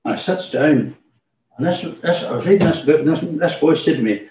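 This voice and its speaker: A man's voice: fairly high pitch, fairly quick, a little hiss or hum. Man, church testimony, rambling storyteller; distant mic, echoey room. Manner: rambling storyteller, acts out quoted dialogue. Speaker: church speaker giving a testimony. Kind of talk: informal testimony to a congregation. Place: church hall. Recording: roomy, distant, dull church recording.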